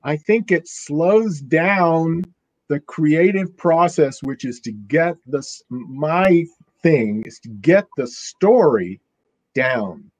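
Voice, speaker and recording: An older man, an author, talking as an interview guest, halting and repeating himself. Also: fairly high pitch, animated, dry recording. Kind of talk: casual interview chat.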